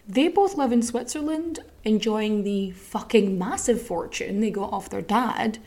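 A woman's voice: fairly high pitch, a little mellow. A woman hosting a podcast, telling a true story in a casual, snarky, sweary way. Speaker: podcast host.

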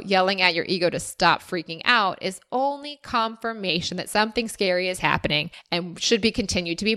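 A woman's voice: medium pitch, fairly bright tone. A woman hosting a solo podcast, answering listener questions in an earnest, encouraging and reflective way. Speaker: podcast host. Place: former resident of Austin.

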